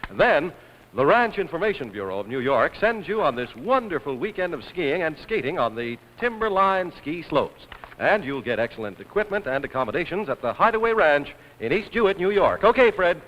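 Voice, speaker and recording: A man reading a scripted prize announcement in a smooth, formal announcer manner on a 1950s television game show. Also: fairly high pitch, big pitch swings, brisk, a bit bright, a little hiss or hum. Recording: dull, echoey 1950s broadcast audio.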